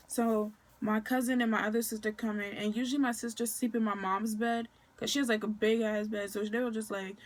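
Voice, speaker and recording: A young woman from Maryland, USA, recounts a personal story for her vlog in a fairly high, flat voice, talking fairly quickly with hardly any pauses. Her telling is loose and chatty, full of fillers and slang, and she acts out the things people said along the way.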